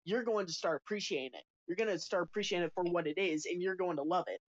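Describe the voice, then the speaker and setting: A man's voice: high-pitched, fast, lo-fi sound. A man co-hosting a casual podcast chat, speaking loosely with fillers and swearing.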